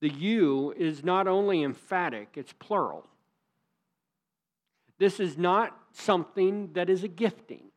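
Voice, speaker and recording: Pastor, man, slightly high voice, measured emphatic sermon delivery. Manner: earnest, emphatic preaching with rising stresses.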